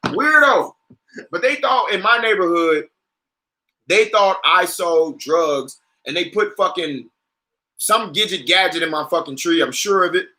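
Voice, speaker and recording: A man hosting a casual podcast, telling comedic stories in a profane, animated rant that breaks into shouting. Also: high-pitched, a little slow. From California. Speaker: podcast host.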